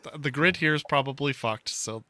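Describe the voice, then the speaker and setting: A player at a tabletop role-playing game, tentative and quick to laugh. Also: mid-range voice, sharp tone. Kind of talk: tabletop role-play chat.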